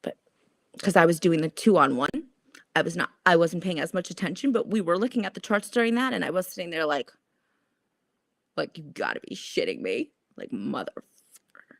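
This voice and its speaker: This woman has a fairly low pitch and a brisk pace, though she pauses often. Hosting a casual stock trading livestream, she reads viewer comments while cursing, laughing, and animatedly mocking herself, with no room sound.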